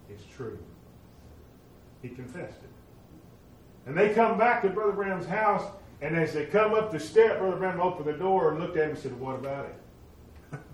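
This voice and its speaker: A man preaching a sermon, retelling stories and acting out the voices of the people in them, moving between loud emphatic lines and hushed ones. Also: on the high side. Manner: animated, acts out quoted voices, swings from loud to hushed. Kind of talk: sermon storytelling. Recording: very echoey room, from a distance, faint noise.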